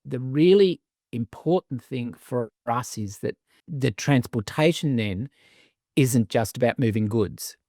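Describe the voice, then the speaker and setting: A man's voice: medium pitch, a little slow, mellow, no echo, studio quality. A middle-aged man, speaking as a chief executive in a podcast interview, articulate, wry and self-deprecating. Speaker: CEO of a business sustainability council.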